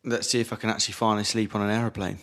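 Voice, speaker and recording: A man's voice: lowish voice, level tone, very fast, a bit bright. A man co-hosting a casual podcast, answering in brief, laid-back replies. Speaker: podcast co-host. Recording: roomy echoey room.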